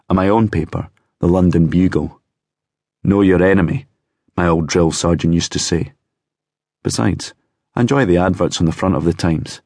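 A man reads a novel aloud in the first person with a low, slightly husky voice. His narration is measured with a wry edge, and the recording is close and dry. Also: a little mellow, no echo. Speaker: audiobook narrator.

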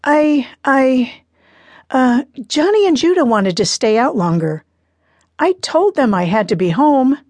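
Lady reading as an upset teen girl, defensive and pleading, slowish. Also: high voice, very animated, darkish tone, no room sound, pitched above the performer's own voice, heavily acted. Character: upset teenage daughter, defensive. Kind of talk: audiobook character reading.

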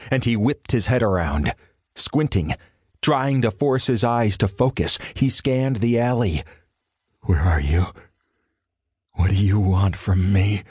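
Male audiobook narrator, lowish voice, dry studio sound, measured suspense. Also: darkish tone, no room sound. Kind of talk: scripted thriller narration.

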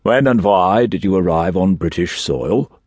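A man's voice: sits low, animated, a little slow, darkish tone, husky, dry recording, full character voice. A male narrator voicing a stern, sneering army colonel who interrogates curtly. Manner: curt, interrogating.

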